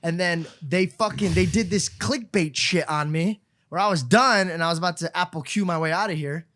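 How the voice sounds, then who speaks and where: Brief: male podcast co-host, high-pitched, lively storyteller who acts out quotes. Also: normal speed, no echo, studio quality. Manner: animated storytelling, acts out quotes, laughs often. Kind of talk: casual chat.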